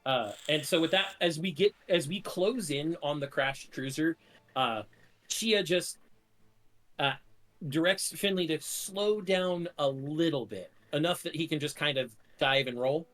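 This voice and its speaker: A man's voice: fairly high pitch, unhurried, fairly bright tone. A man playing a tabletop role-playing game, narrating his character's actions in a casual, rambling way with many fillers. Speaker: player.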